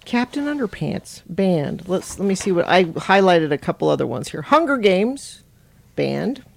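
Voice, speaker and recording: A woman's voice: fairly low pitch, big pitch swings, a little slow, gravelly. A woman hosting a podcast, chatting casually and reading a children's book aloud, laughing often. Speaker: podcast host.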